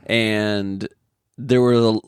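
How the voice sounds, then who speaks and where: A man's voice: lowish voice, fairly even intonation, extremely slow, clean tone, no echo, studio quality. A man co-hosting a podcast in casual chat, telling rambling jokey stories. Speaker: podcast co-host.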